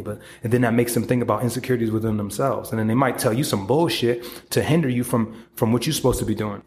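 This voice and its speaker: A man's voice: mid-range voice, fairly even intonation, quick pace, few pauses, a little mellow, a little hiss or hum. A man hosting a podcast, giving a casual, profane motivational monologue and acting out quoted voices. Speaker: podcast host.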